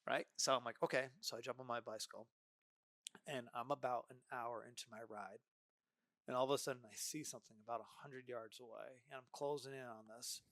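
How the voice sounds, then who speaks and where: A man's voice: medium pitch, fairly quick, dry recording. A man as a podcast guest, telling a story casually, acting out voices and asking "right?" often. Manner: animated, acts out dialogue, frequent "right?".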